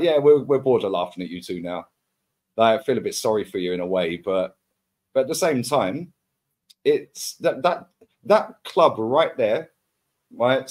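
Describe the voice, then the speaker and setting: A man, ranting as a football podcast pundit in heated casual chat, full of slang and repeated words. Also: medium pitch.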